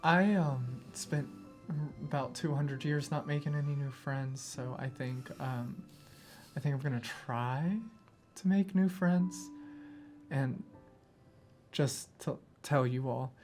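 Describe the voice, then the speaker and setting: A woman playing a tabletop role-playing game, speaking in character in a halting, thoughtful way. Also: rumbling low, a little mellow. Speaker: player. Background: faint music.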